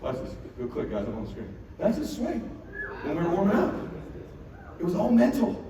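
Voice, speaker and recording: A middle-aged man giving a motivational keynote on stage, telling a story in an animated, profane way and acting out the dialogue. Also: sits high, normal speed. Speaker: keynote speaker. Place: large event hall on stage. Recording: echoey hall from far off with noise.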